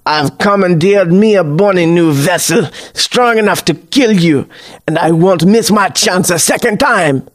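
A man's voice: high-pitched, measured pace. A man voicing a man possessed by a scornful pirate spirit, roaring his lines in old-fashioned pirate speech.

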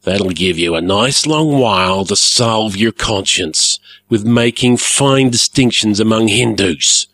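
A man voicing a gruff, blustering male airship pirate captain who barks his orders, in a storybook reading. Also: lowish voice, slow pace, fairly bright tone, dry recording, exaggerated voice. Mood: menacing.

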